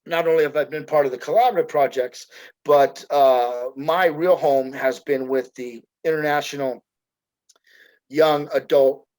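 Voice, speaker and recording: A middle-aged man from the United States talks over a video call about his woodworking in a rambling, folksy way. His voice sits slightly higher than most men's, and he trips over his own restarts as he goes. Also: fairly even intonation, moderate pace, darkish tone, poor audio. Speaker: woodworker guest. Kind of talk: casual video-call conversation.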